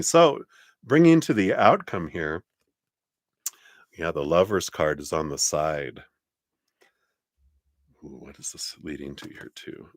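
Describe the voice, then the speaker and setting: A man with a very low voice gives a live tarot reading. He talks in a chatty, loose way, laughing often and leaning on fillers. The sound is close and dry. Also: gravelly, no room sound. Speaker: tarot reader.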